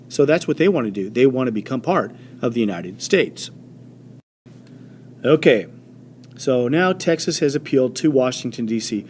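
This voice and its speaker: A man teaching a history lesson in an animated storytelling way, with many fillers and quick voiced quotes. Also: mid-range voice, a little hiss or hum. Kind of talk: classroom history lecture.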